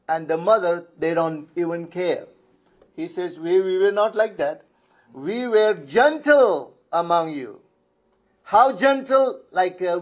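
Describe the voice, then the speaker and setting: An older man preaches in an emphatic sermon style. His voice sits high, and he keeps asking rhetorical questions and answering them himself. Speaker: pastor.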